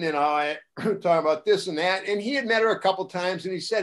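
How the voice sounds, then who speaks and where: An older man, a former wrestling broadcaster, telling casual stories on a talk show and acting out the voices of the people he quotes. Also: quick pace. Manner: animated, acts out quoted voices with rising pitch and loudness. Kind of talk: casual anecdotal storytelling.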